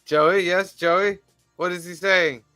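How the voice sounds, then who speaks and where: Slow, bright-voiced man hosting a podcast. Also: high voice, clear, resonant tone, no echo, faint music behind. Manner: reads titles in a measured, deadpan list, breaking off for asides and mock exasperation. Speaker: podcast host reading the weekly release list. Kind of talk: casual podcast chat.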